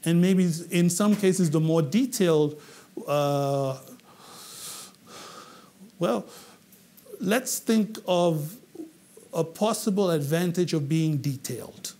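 A man from England teaching a public speaking class, animated and asking the students questions, often repeating himself. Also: on the high side, takes it slowly. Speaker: English public speaking trainer.

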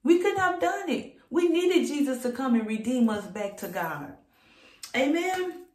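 A woman preacher giving a fervent sermon to camera, repeating her points and building excitement. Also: high voice, measured pace. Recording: roomy echo.

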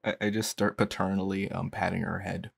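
A man's voice: deep voice, flat delivery, a little fast, creaky, breathy edge. A young man playing a tabletop game, describing his actions in a loose, wry way. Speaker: player. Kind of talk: casual tabletop game chat.

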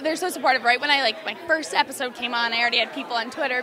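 A woman's voice: high voice, racing. A young adult woman, an actress, chatting in a bubbly, giggly way with lots of fillers at an outdoor red carpet event. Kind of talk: casual red carpet chat. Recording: busy crowd noise outdoors.

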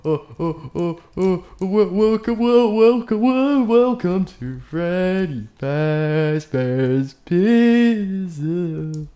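A man's voice: high voice, animated, moderate pace, warm tone, pitched above the performer's own voice. A man voicing a jittery, stage-frightened male animatronic bear who stammers and panics. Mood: panicky. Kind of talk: comedic game machinima voice acting.

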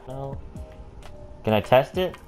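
An excitable man gives casual gameplay commentary. His voice bounces lively up and down as he chats to the characters on screen in slangy, easygoing talk. Game music plays clearly behind him. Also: medium pitch, takes it slowly. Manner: excitable, talks to the game characters, says "bro" constantly. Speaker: gamer.

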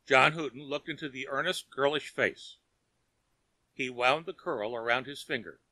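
A man narrating an audiobook of a short story with expressive storytelling. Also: medium pitch, normal speed, no room sound.

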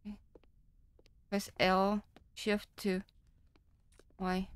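A woman's voice: mid-range voice, measured pace, long pauses, background noise. A woman playing a horror game and talking to herself as she plays, nervous and chatty, then signing off to her viewers. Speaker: gaming channel host.

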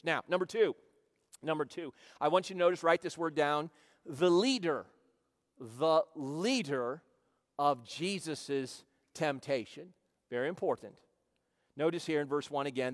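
A middle-aged man with a Midwestern American accent preaching a sermon as pastor, rising to loud peaks and dropping low, asking for amens. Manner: preaching with call-and-response, swelling loud then dropping low. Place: large church sanctuary. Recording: long hall reverb in a church.

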